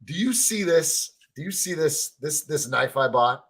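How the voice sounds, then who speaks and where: Husky, rambling man. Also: a little high, expressive, unhurried, a bit bright. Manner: rambling storyteller, repeats words, swears freely. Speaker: co-host of a fan reaction stream. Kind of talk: excited casual chat.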